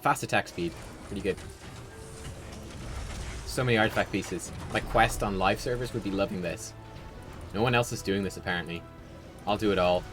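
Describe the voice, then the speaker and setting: A man streaming a video game, giving casual, rambling commentary with sudden excited outbursts. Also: fairly low pitch, moderate pace, long pauses, over music. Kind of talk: casual livestream gameplay commentary.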